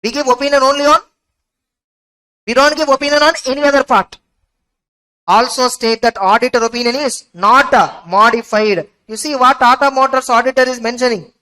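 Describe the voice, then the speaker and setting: A woman's voice: high-pitched, fairly even intonation, brisk, sharp tone, poor audio. A woman giving an exam revision lecture, asking her students rhetorical questions and repeating key points. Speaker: teacher.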